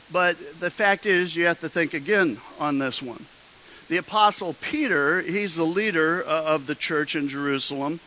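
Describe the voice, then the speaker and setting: A male pastor delivers a sermon as animated storytelling, slipping in jokes and playing out each quoted line. His voice sits a little high and rings bright and forceful. A faint hiss runs under the recording. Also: low-quality recording.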